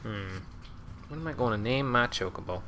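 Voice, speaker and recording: A man's voice: mid-range voice, animated, moderate pace, noisy background. A young man streaming a video game, chatting casually and mumbling to himself as he plays. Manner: mumbles to himself, chuckles often. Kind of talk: casual gameplay commentary.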